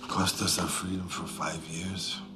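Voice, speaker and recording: A mumbling deep-voiced tough guy. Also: flat delivery, unhurried, over loud music. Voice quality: mumbling, laid-back delivery. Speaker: action film lead. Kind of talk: film dialogue clips. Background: film score.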